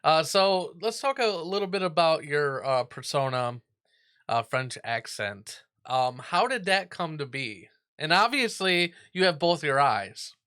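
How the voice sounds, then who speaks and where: A man's voice: a little high, animated, measured pace, pushed and bright, clear, resonant tone. A man hosting a radio show, asking questions with lots of ums and uhs. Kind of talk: casual interview.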